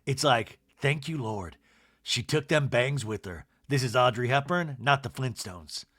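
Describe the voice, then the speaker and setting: A man's voice: medium pitch, expressive, unhurried, fairly bright tone, no room sound, studio quality. A man imitating a commanding older woman who scolds her guests with emphatic repeated commands. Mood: sassy. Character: commanding older woman hostess, stern, preachy. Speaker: impression of a reality TV cast member.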